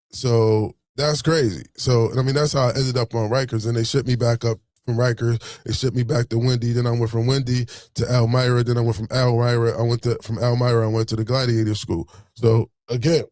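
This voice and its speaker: A man telling a story in a casual, animated, streetwise way, swearing freely. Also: medium pitch, fairly quick, no echo, clean studio sound.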